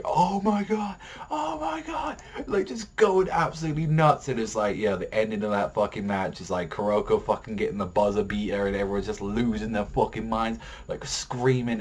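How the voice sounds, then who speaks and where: A man reviewing an anime episode in a rambling, excitable way, swearing a lot and filling his talk with "like". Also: fairly low pitch, husky.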